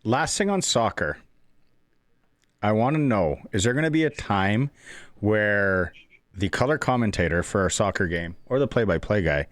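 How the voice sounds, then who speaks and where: A man hosting a sports podcast, easygoing and halting, often restarting his sentences. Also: fairly low pitch, expressive, dry recording, clean studio sound. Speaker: podcast host. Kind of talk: casual sports talk.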